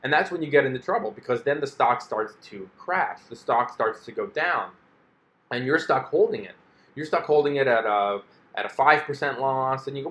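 A man's voice: mid-range voice, a little fast, fairly bright tone, reverberant. A man hosting a personal finance video, explaining things in a casual monologue and acting out an investor's inner voice. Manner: chatty, acts out an investor's inner voice in quotes.

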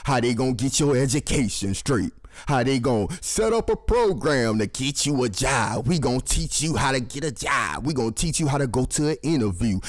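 A man's voice: medium pitch, a little mellow. A man hosting his own commentary show, ranting angrily in a preachy, profane style with constant swearing.

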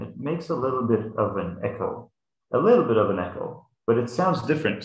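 A man's voice: on the low side, roomy sound, poor audio. A man teaching young students about sound, patiently building simple examples with frequent restarts. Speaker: science educator.

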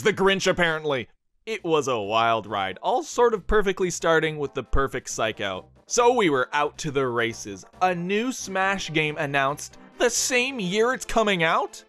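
A man's voice: a little high, fairly bright tone. A man giving scripted video essay narration, slipping in dry, joking asides.

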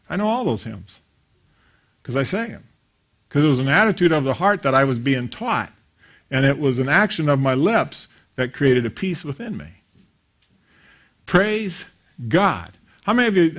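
A pastor in his fifties, who grew up attending a small country church, preaches a sermon full of stories, acting out the voices of the people in his anecdotes. His voice is on the high side and fairly bright.

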